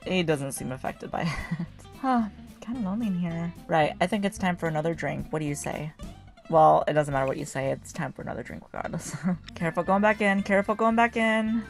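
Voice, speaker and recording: A woman hosting a life-sim game video, chatting casually as she plays, excitable and teasing, often laughing and cheering. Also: deep voice, fairly quick, gravelly, soft background music. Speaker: gaming channel host.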